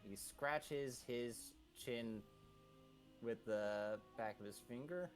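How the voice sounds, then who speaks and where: A man playing in a tabletop role-play, narrating his character's actions in a halting way. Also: medium pitch, soft background music.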